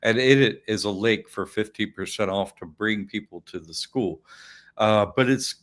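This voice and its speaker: A man's voice: fairly low pitch, normal speed, fairly bright tone. A man hosting an online academy show, chatting casually and rambling, often laughing. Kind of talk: casual chat.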